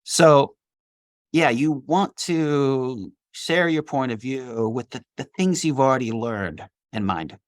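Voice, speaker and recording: A man's voice: mid-range voice, takes it slowly, no echo, clean studio sound. A middle-aged man, a litigation attorney, telling a story from his work in an interview and acting out the dialogue. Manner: animated, acts out quoted dialogue.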